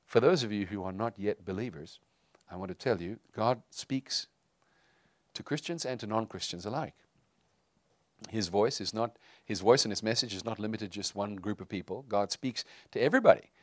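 Middle-aged guy pastor giving a sermon, lowish voice, chatty with lots of uhs, dry close sound. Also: normal speed, dry recording. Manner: conversational, with frequent fillers and restarts.

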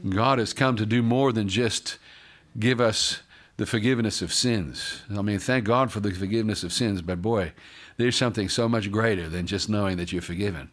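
Lower-voiced guy preaching, reads scripture then stops to chat and joke with the congregation. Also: moderate pace. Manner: lively, breaks off to comment and joke. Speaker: pastor. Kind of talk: sermon with scripture reading.

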